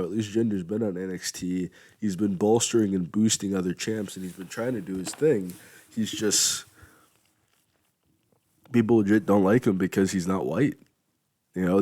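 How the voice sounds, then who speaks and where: A man's voice: low-pitched, mellow. A young man hosting a casual wrestling commentary show, rambling and conversational, yawning now and then. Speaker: wrestling podcast host.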